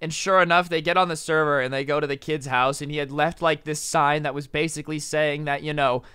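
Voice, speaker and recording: A young man telling a story in a casual vlog, rapid and animated, full of "like" and "you know". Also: fairly high pitch, smooth, no room sound, clean studio sound. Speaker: storytime vlogger.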